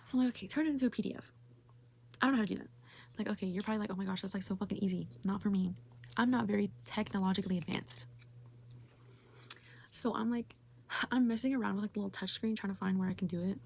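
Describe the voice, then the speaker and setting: A woman's voice: medium pitch, gravelly, darkish tone. A young woman telling a frustrated story in a casual vlog rant, full of "like" and swearing. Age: young adult. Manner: exasperated, heavy use of "like", swearing. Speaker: vlogger.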